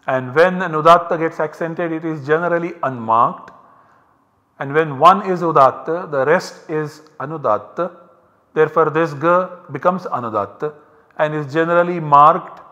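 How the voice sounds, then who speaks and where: Male lecturer, measured and methodical, slightly raised pitch, reverberant lecture recording. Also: pushed and bright, lo-fi sound. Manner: slow, methodical explaining. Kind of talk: university lecture.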